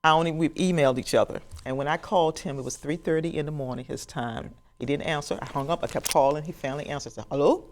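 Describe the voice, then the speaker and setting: A woman's voice: low voice, quick pace, few pauses, slight background noise. A woman in her sixties, a professional genealogist, telling a story to an audience and acting out the conversations in it. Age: 60s. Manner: animated storyteller who acts out dialogue and laughs.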